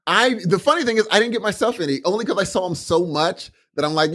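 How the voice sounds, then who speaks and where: On a dry, clean-sounding remote call recording, a high-pitched, fast-talking podcast co-host swaps stories casually, acting out his thoughts in quoted asides with animation.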